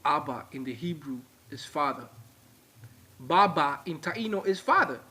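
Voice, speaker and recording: A man teaches in a slow, deliberate way, turning to his viewers again and again. His voice sits a little high. He repeats key words for emphasis. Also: lively intonation, sharp tone, husky. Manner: emphatic, repetitive, addresses viewers directly. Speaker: religious teacher. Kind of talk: informal video lecture.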